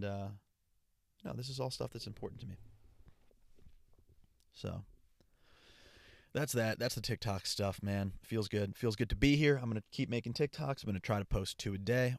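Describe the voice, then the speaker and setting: A man's voice: on the low side, moderate pace, no room sound, clean studio sound. A young man hosting his own podcast alone, rambling casually in a stream of consciousness into a portable travel mic. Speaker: podcast host. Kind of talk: casual solo podcast monologue.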